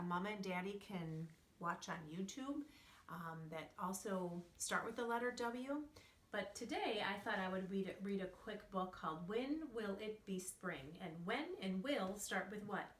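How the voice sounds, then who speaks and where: A woman teaching young children in a remote lesson, speaking in a slow, clearly enunciated, sing-song way. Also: mid-range voice, fairly bright tone. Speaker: preschool teacher. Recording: roomy echo, distant from mic.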